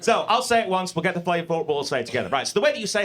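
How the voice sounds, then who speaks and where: Guy doing standup at a comedy club, swears a lot, high bouncy voice all over the place. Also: rapid-fire, a little hiss or hum. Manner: profane, animated, mock-confident. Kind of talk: live stand-up set.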